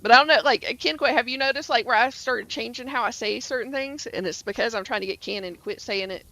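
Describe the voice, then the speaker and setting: Brief: Southern woman game streamer, bright and a bit high, rambling, chatty. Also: fast talker. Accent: Southern US (Georgia). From Atlanta area, Georgia, US. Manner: rambling, chatty, many fillers and restarts. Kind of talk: casual stream chat.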